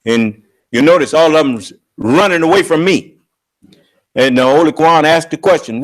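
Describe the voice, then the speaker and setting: A man preaching on scripture with emphatic, confrontational delivery, slowing down to draw out quoted verses. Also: on the high side, expressive. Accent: American. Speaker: religious leader and teacher.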